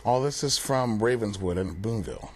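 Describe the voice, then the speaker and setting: A young man with a lowish voice talks as a guest in a casual TV interview from a studio. He is relaxed and plain-spoken and leans on fillers like "um" and "like". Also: normal speed. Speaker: paranormal investigator guest.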